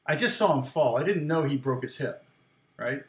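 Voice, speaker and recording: A man's voice: mid-range voice, expressive, moderate pace. Chatty man telling a story, echoey room. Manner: rambling, laughs often, acts out quoted lines. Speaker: guitar teacher and former worship leader. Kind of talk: casual storytelling.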